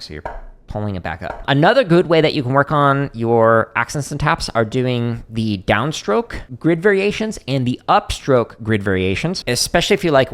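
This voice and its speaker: A man teaching drum technique in a relaxed, casual way, with a medium-pitched voice. He explains each exercise step by step and sometimes counts the stickings out loud as he goes. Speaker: drumming teacher. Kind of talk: casual instructional talk.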